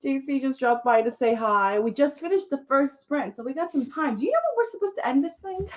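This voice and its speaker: A woman's voice: sits high, lively intonation, a little fast. A young woman from Chile hosting a casual livestream writing sprint, bubbly and gushing, laughing often.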